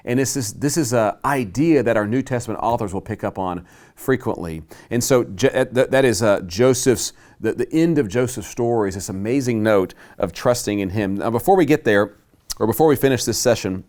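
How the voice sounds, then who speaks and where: A man teaching a Bible class to a live group, emphatic and slowing down to stress key words. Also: fairly low pitch, a little mellow.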